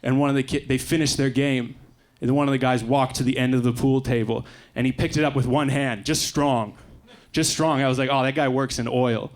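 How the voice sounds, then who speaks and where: A young Canadian man performing a stand-up set in a comedy club, with quick deadpan asides. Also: mid-range voice. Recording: live club recording with faint crowd noise. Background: faint audience laughter.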